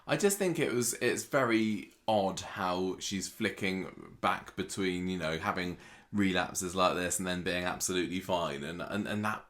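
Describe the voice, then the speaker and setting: A man's voice: low-pitched, a little slow, hardly any pauses, a bit bright. A man co-hosting a casual podcast, wry and musing, often hesitant. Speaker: podcast co-host. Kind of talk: casual soap recap chat.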